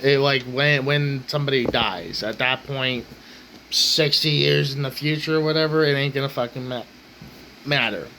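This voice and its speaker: A man's voice: medium pitch, fairly even intonation, moderate pace, bright, forceful tone, slight background noise, low-quality recording. A man hosting his own rant channel, talking bluntly and swearing constantly in an angry rant.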